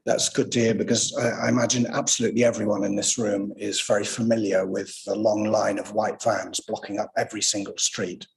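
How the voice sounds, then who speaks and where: Brief: man, committee chair, gravelly low voice, courteous and long-winded. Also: level tone, brisk, hardly any pauses, slight background noise. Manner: courteous, wordy, calls on speakers. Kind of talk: chairing a council meeting.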